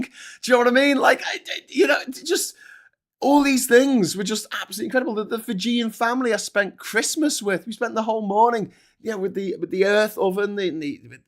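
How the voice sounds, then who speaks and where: Brief: male host, fairly high-pitched, foul-mouthed rant full of stammered restarts. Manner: sweary and heated, with stammered restarts. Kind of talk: ranting monologue.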